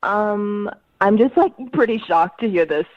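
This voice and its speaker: A woman's voice: medium pitch, expressive, a little slow, no room sound. Woman, on the phone, hesitant, guarded, muffled dull line. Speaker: caller on the phone.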